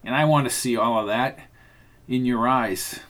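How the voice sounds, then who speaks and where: A man's voice: medium pitch, normal speed, fairly bright tone, lightly acted. A man narrating an audiobook, voicing a laid-back, plain-spoken cowboy truck driver. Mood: calm.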